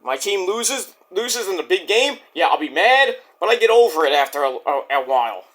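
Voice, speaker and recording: A man's voice: high voice, very animated, moderate pace, fairly bright tone. A man, ranting bluntly and profanely in a rambling casual monologue as a vlog host.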